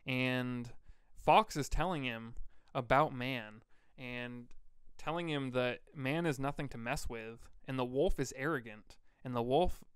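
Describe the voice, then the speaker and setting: A man from Vermont co-hosting a podcast, telling stories in a rambling, relaxed way with lots of fillers. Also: medium pitch, unhurried, smooth, dry recording, studio quality. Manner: rambling, laid-back storyteller with fillers. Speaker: podcast co-host. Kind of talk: casual storytelling chat.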